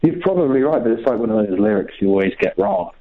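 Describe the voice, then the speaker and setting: A man's voice: mid-range voice, animated, quick pace. A man calling in to a radio show, friendly and chatty, with some hesitation. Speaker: radio caller. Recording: muffled phone line.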